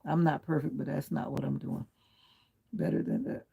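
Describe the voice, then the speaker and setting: A man's voice: a little high, level tone, normal speed, vocal fry, dark tone, slightly rough. A man hosting a casual livestream, chatting from home and answering viewer comments one by one, firm but polite about keeping the language clean. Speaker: livestream host. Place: at home, lying back with pillow and comforter.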